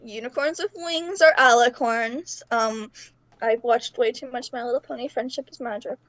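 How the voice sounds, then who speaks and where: A woman's voice: on the high side, moderate pace, fairly bright tone. A woman running a tabletop game on a live stream, playful and often laughing. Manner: giggly, playful. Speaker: game master.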